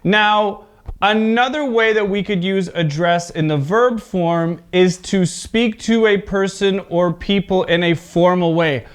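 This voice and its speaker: A man's voice: high-pitched, unhurried, clear, resonant tone. A man teaching an English pronunciation lesson. He is patient, often checks in with "okay?", and exaggerates word stress in his examples.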